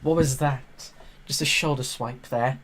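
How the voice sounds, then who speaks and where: A woman's voice: fairly even intonation, measured pace. A woman giving sarcastic, exasperated commentary as a live streamer reacting to a TV show. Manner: sarcastic, exasperated, jumps into loud high exclamations.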